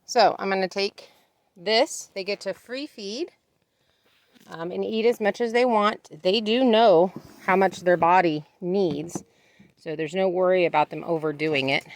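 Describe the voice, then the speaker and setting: A homesteading vlogger chats casually to her camera outside on a farm, narrating her vlog and talking to her animals in a sing-song way. Her voice is medium in pitch and unhurried.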